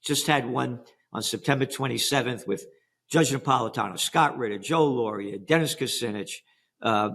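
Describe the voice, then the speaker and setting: A man's voice: medium pitch, a bit bright. An older American man on an interview, emphatic and sarcastic, firing rhetorical questions. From United States. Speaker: interview guest. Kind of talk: animated interview talk.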